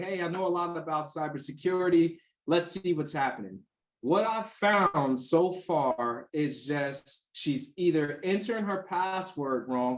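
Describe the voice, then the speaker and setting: Chatty man in an echoey room. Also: fairly high pitch. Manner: chatty, anecdotal, many fillers and restarts. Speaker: cybersecurity instructor. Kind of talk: casual explanation answering questions.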